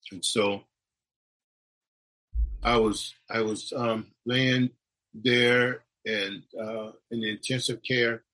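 On a rough recording, a man with a medium-pitched, fairly bright voice tells his near-death story. It's casual spoken testimony, rambling and conversational, full of restarts and acted-out quotes from the people in it.

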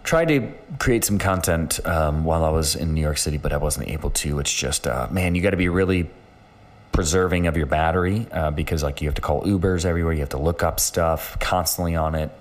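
A man's voice: very deep voice, brisk. A man hosting his own podcast, talking casually in a rambling way with many fillers and restarts. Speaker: podcast host. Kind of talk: casual solo podcast chat.

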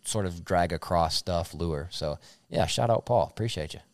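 Low-voiced guy in his 30s rambling and joking, dry close mic, laid back chat. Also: moderate pace, a little mellow, no room sound. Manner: loose, joking, rambling storyteller. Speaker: podcast co-host. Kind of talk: casual chat.

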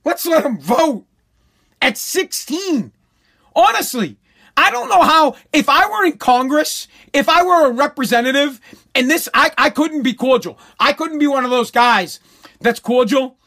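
A middle-aged man with a strikingly high voice tears into his subject as a talk host. He is blunt and profane. He repeats short phrases to drive each point home. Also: expressive, unhurried, sharp tone. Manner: blunt, repetitive, profane ranting. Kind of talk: profane political rant.

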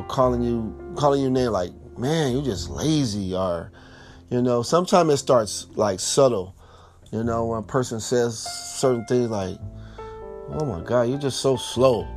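A man's voice: mid-range voice, a little mellow. A man talking through relationship advice in a casual, rambling way, full of "you know" and "like".

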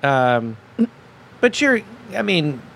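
Blunt, animated podcast host ranting. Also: medium pitch, very slow, vocal fry, a little hiss or hum. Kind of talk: casual chat.

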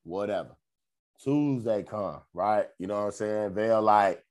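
A man's voice: lowish voice, a little slow, a little mellow. A man, telling a loose, profane weekend story on a podcast and slipping into quoted voices. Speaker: podcast co-host. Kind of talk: casual storytelling chat.

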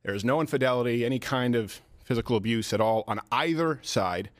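A man giving a prepared video statement in a measured, deliberate way. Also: medium pitch, no echo, clean studio sound.

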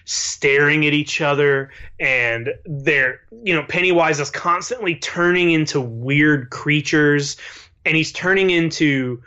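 A man co-hosting a podcast, rambling excitedly in casual chat and swearing now and then. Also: on the high side, unhurried, clear, resonant tone, muffled recording. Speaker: podcast co-host.

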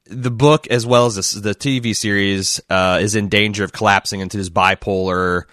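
A man's voice: lowish voice, fairly even intonation, normal speed, fairly bright tone, no echo, clean studio sound. A man hosting a podcast, talking casually in long, rambling turns with frequent restarts. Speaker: podcast host. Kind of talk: casual discussion and read-aloud.

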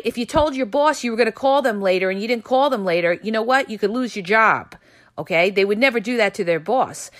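A woman's voice: medium pitch, fairly bright tone. A woman hosting a solo relationship advice podcast, talking directly to listeners and often checking in with "okay?". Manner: direct, coaching tone with frequent "okay?" check-ins. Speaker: podcast host.

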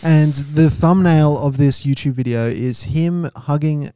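A man's voice: on the high side, unhurried, warm tone, clear, resonant tone, dry recording, clean studio sound. An Australian man co-hosting a comedy podcast, joking around and reading out comments in a casual chat. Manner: joking, reads comments aloud. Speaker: podcast co-host.

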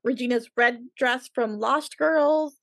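A woman's voice: fairly high pitch, takes it slowly, gravelly, no echo. A woman co-hosting a casual podcast, enthusiastically listing her favorite costumes with frequent giggles. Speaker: podcast co-host. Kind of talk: casual chat.

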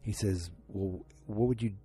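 A man casually recapping a TV episode. He rambles excitedly and acts out the lines he quotes. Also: lowish voice, unhurried.

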